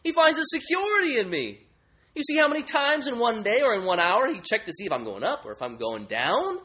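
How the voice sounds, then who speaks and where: A man's voice: very high voice, big pitch swings, a little fast, bright, forceful tone, pitched above the performer's own voice, full character voice. A man preaching voices a bragging stock portfolio that crows about its hold on him. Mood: crowing. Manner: bragging, crowing.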